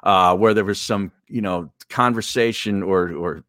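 Low-voiced easygoing sports radio host. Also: male voice, a little slow, fairly bright tone, no echo, studio quality. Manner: steering talk, hesitant fillers, easygoing. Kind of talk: casual sports talk.

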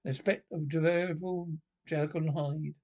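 An actor playing a blustering middle-aged army drill sergeant in a 1950s British film comedy. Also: male voice, a little high, steady tone, a little mellow. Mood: stern. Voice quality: brisk barking commands.

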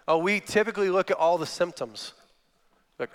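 A man's voice: high-pitched, lively intonation, moderate pace, long pauses, a bit bright, smooth. A man in his thirties, a guest speaker giving a sermon, telling stories and acting out quotes. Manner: storytelling with acted-out quotes. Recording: long hall reverb.

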